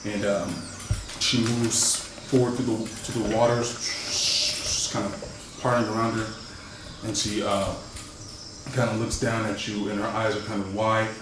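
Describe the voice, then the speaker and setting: A man running a tabletop game as game master, describing scenes in a halting way with many fillers and restarts. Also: on the low side, flat delivery. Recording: echoey room far from the mic with noise.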